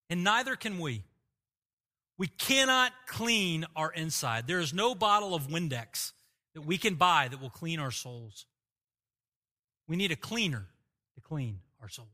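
A male pastor delivering an earnest, emphatic sermon, with pauses and small restarts. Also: high voice, pushed and bright.

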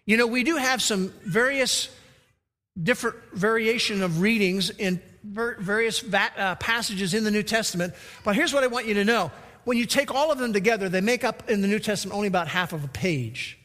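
A man's voice: high voice, a little fast, bright, forceful tone. A man preaching a sermon as pastor, emphatic, acting out the quoted lines. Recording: reverberant hall.

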